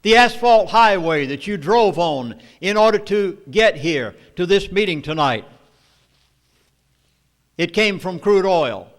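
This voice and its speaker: A man with a Southern US accent lecturing an audience, emphatic and storytelling, with dramatic pauses. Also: sits high, animated. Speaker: speaker at a meeting. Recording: long hall reverb.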